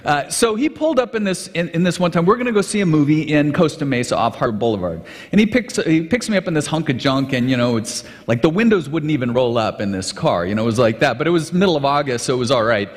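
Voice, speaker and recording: Pastor guy telling a story in his sermon, lively up-and-down voice, kinda high, big echoey hall. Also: quick pace, hardly any pauses. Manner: animated, conversational, with restarts. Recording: long reverb of a large hall.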